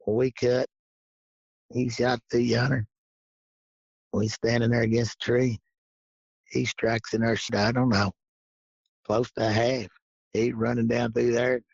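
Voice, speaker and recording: Gravelly husky man, folksy drawling storyteller, dull lo-fi dry sound. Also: medium pitch, little pitch movement, unhurried, long pauses, a little mellow, no room sound. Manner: folksy, drawling, laughs through stories. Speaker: guest. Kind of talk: casual storytelling. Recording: dull lo-fi podcast audio.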